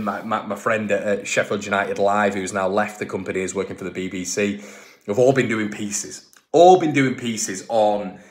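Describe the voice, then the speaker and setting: A man's voice: on the low side, a bit bright. A man hosting a football fan channel, talking casually and emphatically and often repeating himself and restarting lines.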